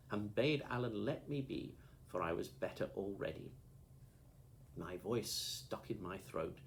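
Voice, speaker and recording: A man narrating an audiobook with lively, expressive storytelling, over a faint background hiss. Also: on the low side, vocal fry, low-quality recording. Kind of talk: audiobook reading.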